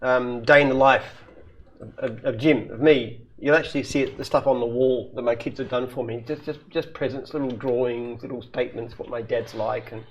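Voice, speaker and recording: A man's voice: medium pitch, moderate pace, highs cut off. Man telling jokes in a Q&A. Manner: animated joke-telling with frequent laughs. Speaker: company founder answering questions. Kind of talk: casual live Q&A chat.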